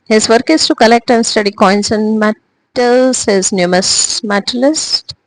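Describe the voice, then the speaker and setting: A woman teacher, giving a recorded lesson slowly, with frequent hesitations and restarts. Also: fairly high pitch, no room sound, low-quality recording. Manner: slow and deliberate, with frequent "uh" and restarts. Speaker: English teacher.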